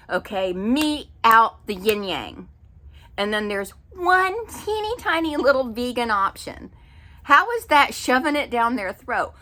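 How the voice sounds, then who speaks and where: Middle-aged woman venting on camera, kinda high bright voice, lots of ums. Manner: exasperated, animated storytelling with fillers. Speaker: vlogger. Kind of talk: casual ranting monologue.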